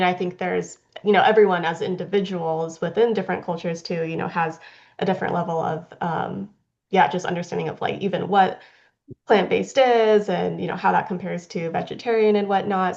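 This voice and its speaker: A woman's voice: fairly low pitch, gravelly, highs cut off. A woman presenting on a video call, answering questions with many fillers and restarts. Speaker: guest presenter.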